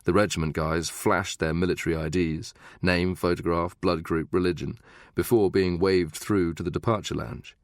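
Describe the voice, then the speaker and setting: A man narrates a thriller audiobook with a steady, measured reading. His voice is very low with a gravelly fry. The recording is close and dry, with no room sound. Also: dry recording. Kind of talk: scripted narration.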